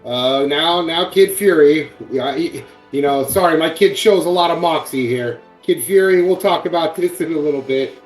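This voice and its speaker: A man's voice: a little high, normal speed, few pauses, roomy sound, voice pushed up, close to an everyday voice. A man voicing an apologetic older male masked hero, flustered and polite, heard from a distance with music under it.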